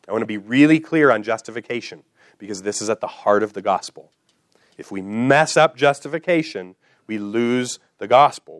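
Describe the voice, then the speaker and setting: A man's voice: mid-range voice, no echo. Emphatic male pastor, dry close sound. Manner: emphatic, repeats key phrases for teaching. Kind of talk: sermon.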